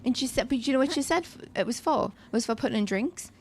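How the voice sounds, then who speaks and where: Gravelly woman chatting while she plays. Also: a little high, animated, fast talker, a little hiss or hum. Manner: chatty storytelling with fillers and restarts. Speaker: streamer playing a modded survival game. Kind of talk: casual chat while gaming. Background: game music.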